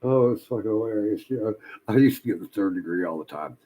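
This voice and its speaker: A man of about sixty telling rambling, profane stories in a casual way, laughing often and filling pauses with "you know". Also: lowish voice, animated, dark tone, poor audio.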